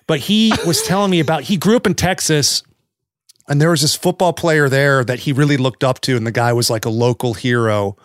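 A man's voice: mid-range voice, fairly quick, no room sound. Dry-sounding man hosting a podcast. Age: young adult. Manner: rambling storyteller, joking. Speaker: podcast co-host. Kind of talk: casual podcast chat.

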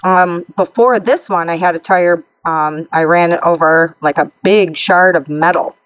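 A woman's voice: lowish voice, measured pace, dry recording, highs cut off. A woman co-hosting a casual chat show, telling road stories with lots of laughter. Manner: lively storyteller, laughs often. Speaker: podcast co-host.

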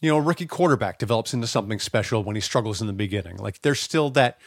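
A man's voice: fairly low pitch, animated, very fast, no room sound, clean studio sound. A man co-hosting a podcast, talking loosely and thinking aloud with many fillers. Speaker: podcast co-host. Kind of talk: casual podcast banter.

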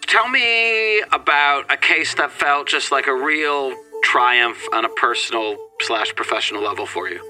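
A male interviewer with a very bright, sharp tone asks a question slowly and evenly. Faint music sits underneath his voice. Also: medium pitch, animated.

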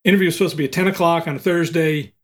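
A man's voice: on the high side, racing. An older man, a recruiting expert, telling a long story in a podcast interview and acting out the quotes. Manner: animated storyteller, acts out quotes.

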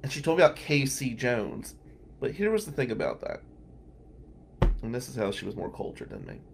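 A man hosts a podcast and tells loose, meandering stories about work and friendship. His voice sits at an ordinary middle pitch, and his casual delivery is broken up by small chuckles. A faint hum of noise sits under the recording. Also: huge pitch swings, brisk, creaky. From Atlantic City, New Jersey. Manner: rambling, conversational, chuckles between remarks. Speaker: podcast host and criminal defense lawyer. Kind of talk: casual anecdotal storytelling.

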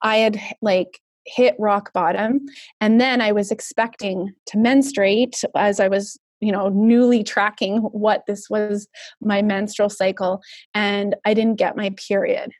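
A woman in her thirties speaks as an interview guest, retelling something personal with animated, emotional energy. Her talk is full of "like" fillers. The sound is dry and close, with no room echo. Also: medium pitch, a little slow. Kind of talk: personal storytelling in conversation.

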